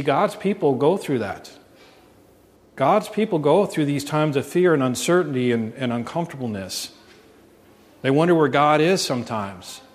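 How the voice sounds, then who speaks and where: A man's voice: fairly high pitch, darkish tone. Earnest preaching man, long hall reverb. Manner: earnest preaching, asks the congregation questions. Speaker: pastor. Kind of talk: sermon.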